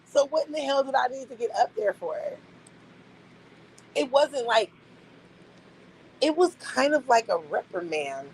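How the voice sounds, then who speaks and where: A woman's voice: sits high, animated, unhurried, long pauses, a little hiss or hum, low-quality recording. A young adult woman streaming live, venting bluntly and incredulously to her chat, repeating her points for emphasis.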